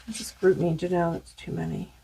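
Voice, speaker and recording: A woman's voice: lowish voice, little pitch movement, a little fast, gravelly, heavy background noise. A woman doing a spiritual tarot card reading in a rambling, musing way with many fillers, saying she is losing her voice.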